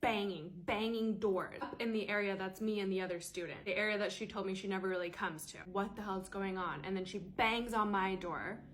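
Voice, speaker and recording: A woman in her late twenties telling a personal story in a casual, animated and exasperated way. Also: mid-range voice, slight background noise. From United States. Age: late 20s. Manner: animated, exasperated, quick retelling. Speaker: storyteller vlogger.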